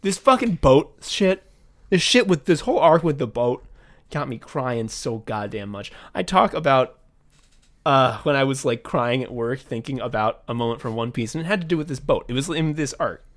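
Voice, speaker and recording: Man retelling a story with excited swearing. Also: mid-range voice, moderate pace. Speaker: podcast co-host. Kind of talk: casual podcast chat.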